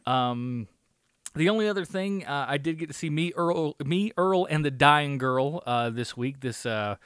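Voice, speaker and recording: A man's voice: on the high side, lively intonation, a little slow, fairly bright tone, clear, resonant tone, no echo, studio quality. A man co-hosting a movie review podcast, chatting casually in a rambling way, with lots of swearing and fillers. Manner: rambling, profane, filler-heavy. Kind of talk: casual chat.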